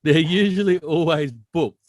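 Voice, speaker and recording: A man co-hosting a podcast, telling stories in blunt, animated casual chat. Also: fairly high pitch, normal speed, no echo, clean studio sound. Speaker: podcast co-host.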